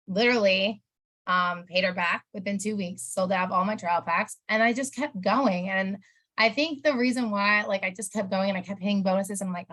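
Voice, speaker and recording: Recounting her own experiences as an interview guest, this woman, a sales promoter, is loose, rambling and emotional, peppering everything with "like." Her mid-range voice comes across pushed and bright.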